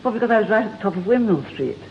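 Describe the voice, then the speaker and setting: A woman's voice: mid-range voice, expressive, racing. An older woman from England, a guest on a talk show, telling stories in a chatty way and laughing often. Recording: dull lo-fi broadcast with faint hiss.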